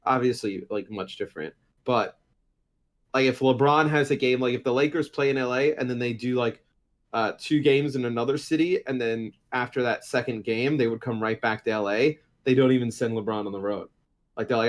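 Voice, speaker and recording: A man's voice: medium pitch, brisk. A man co-hosting an esports podcast, rambling and filling gaps with "like" and "uh", mic held a bit far from his mouth. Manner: rambling, heavy on "like" and "uh". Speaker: podcast co-host. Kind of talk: casual esports chat.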